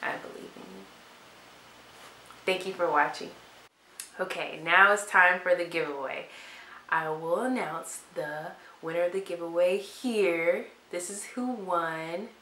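A young woman vlogger talking softly and from the heart, in a casual chat to camera. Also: fairly low pitch, unhurried. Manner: soft-spoken and heartfelt. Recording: echoey room with faint hiss.

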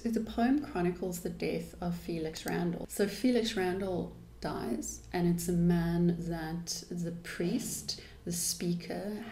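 Woman teacher, low mellow voice, explains poetry thoughtfully in an echoey room. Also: a little hiss or hum. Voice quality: thoughtful, explanatory manner with restarts. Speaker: English teacher. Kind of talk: poetry lesson.

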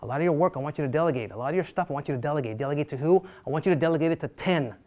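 A middle-aged man with a voice on the high side races through a real estate class in a lively lecture style. He's animated and dramatic, acting out panicked agents and joking with his students.

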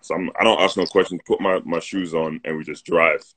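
A man's voice: sits low, steady tone, brisk, fairly bright tone, breathy edge, poor audio. A man with a London accent, from North London, telling a laid-back story in a casual chat on a live phone stream. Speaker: co-host. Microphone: phone on a live video stream.

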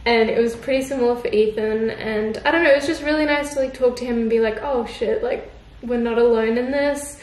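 A young woman talking to camera in a soft, heartfelt, casual way, full of "like" fillers. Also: a little high, fairly even intonation, a little fast. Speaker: vlogger. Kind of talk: casual reflective chat to camera. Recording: roomy with faint background hiss.

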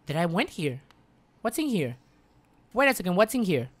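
A man streaming a game live, commenting excitably, muttering and repeating himself, then bursting into loud yelps and swearing. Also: high-pitched, moderate pace. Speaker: gaming streamer.

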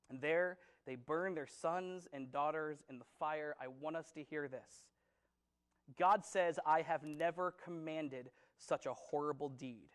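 A man's voice: on the high side, low-quality recording. A man preaching a sermon as pastor, conversational and emphatic, often repeating himself for stress.

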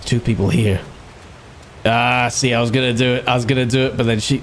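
A British man giving casual, excitable gameplay commentary, sarcastic and quick to swear. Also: medium pitch, a little hiss or hum. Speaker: gaming streamer.

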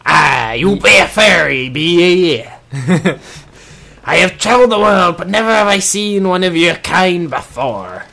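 A man voicing a boastful old male pirate sea captain in a fan dub of a game, with a gravelly voice and a hearty pirate manner. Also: high-pitched, lively intonation, unhurried, pushed and bright, a little hiss or hum, exaggerated voice. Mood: jolly boastful. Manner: pirate talk with "arr" and "ye", hearty laughs.

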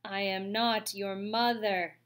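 A woman voicing a calm, polite female robot who speaks slowly and carefully. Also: medium pitch. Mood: even. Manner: slow, flat and careful.

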